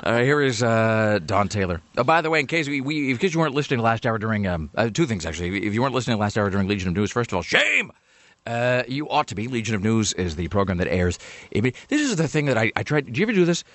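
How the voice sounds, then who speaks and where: A man's voice: medium pitch, fast, no echo. A man hosting a radio talk show, chatting casually and rambling through stories with many restarts. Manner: rambling, self-interrupting, animated storytelling.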